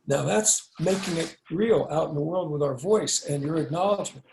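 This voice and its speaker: Male podcast guest: easygoing street-slang talker, gravelly tone, pitched a bit high. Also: fairly quick, few pauses, darkish tone, slight background noise, low-quality recording. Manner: laid-back slangy, says "dig, man". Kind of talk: conversational explaining.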